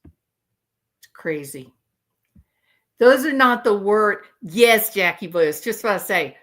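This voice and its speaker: A woman's voice: mid-range voice, expressive, slow, fairly bright tone. A woman hosting true crime commentary, talking casually to her viewers and speculating aloud with rhetorical questions.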